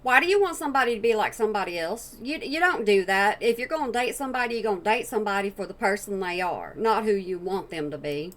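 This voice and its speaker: A woman's voice: medium pitch, expressive, fast talker, few pauses. A woman giving blunt, opinionated casual commentary as a reaction channel host.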